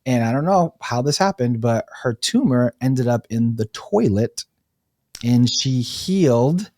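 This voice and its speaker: A man, a guest on a talk show, telling stories in an animated way, acting out quotes and laughing easily. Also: mid-range voice, unhurried, no echo, clean studio sound. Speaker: breathwork facilitator, guest. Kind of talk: casual storytelling interview.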